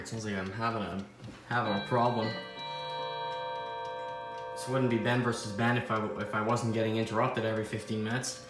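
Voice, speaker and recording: A man's voice: medium pitch, fairly bright tone. A young man rambles through a casual vlog, mumbling asides and poking fun at himself. His voice bounces around an echoey room with a faint hiss of noise underneath. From Canada. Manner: rambling, self-deprecating, talks to himself. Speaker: clock collector host. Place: indoor room with ticking clocks. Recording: roomy echo, faint background noise.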